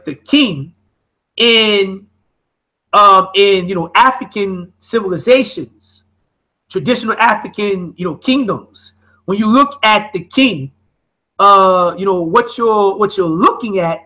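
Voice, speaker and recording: A man's voice: high voice, bright, forceful tone, rough recording. A man leading a study group on internet radio, explaining by restating phrases and often asking "okay?".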